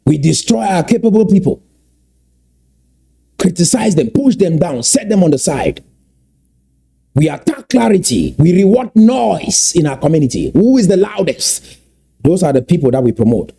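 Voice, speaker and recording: A man giving impassioned political commentary, emphatic and repeating key points slowly for weight. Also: high-pitched, gravelly, dark tone, breathy edge.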